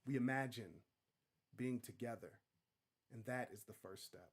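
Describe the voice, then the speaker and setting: A man, a poet receiving an award, reciting his own poem in a measured, rhythmic delivery with long pauses. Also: medium pitch. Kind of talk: poetry recitation.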